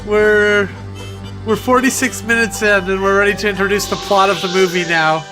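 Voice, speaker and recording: A man's voice: high voice, steady tone, moderate pace, music in the background. A man co-hosting a comedy show, riffing sarcastically on a movie and laughing often. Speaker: comedy podcast co-host.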